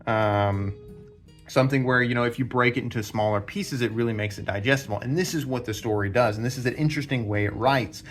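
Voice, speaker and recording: A man's voice: medium pitch, brisk, soft background music. Rambling man explaining at a whiteboard. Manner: rambling, filler-heavy, sketches diagrams while talking. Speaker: book channel host. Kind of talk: casual explanatory talk at a whiteboard.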